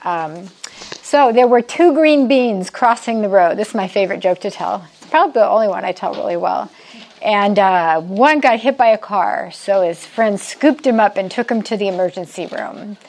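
A woman's voice: mid-range voice, animated, normal speed, a little mellow. A woman in her sixties giving a casual church talk to a women's Bible study, chatty and self-deprecating, laughing often and a little nervous, with frequent restarts. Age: 60s.

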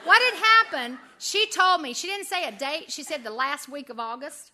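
A woman speaking to an audience, giving a humorous faith testimony as an animated storyteller who laughs often. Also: high-pitched, normal speed, a little hiss or hum. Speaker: women's ministry speaker.

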